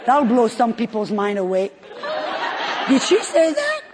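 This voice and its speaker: A middle-aged woman preaching a sermon at a conference, telling a story with emphatic swings from hushed tones to shouting. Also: on the high side, huge pitch swings, a little slow, a crowd in the background, noisy background. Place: conference hall. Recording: long hall reverb.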